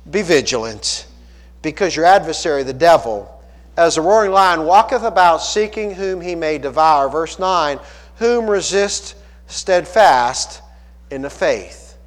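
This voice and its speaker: A man preaching a sermon, emphatic and swelling into loud appeals, often restarting his phrases. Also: a little high. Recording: long hall reverb.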